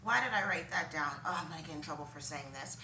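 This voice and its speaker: Rambling woman with a bright, roomy sound. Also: low voice, lively intonation, fast talker, a little hiss or hum. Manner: rambling, frequent ums, laughs at herself. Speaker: vlogger. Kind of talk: casual opinion monologue. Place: home room with laundry behind her. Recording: roomy, distant from the mic.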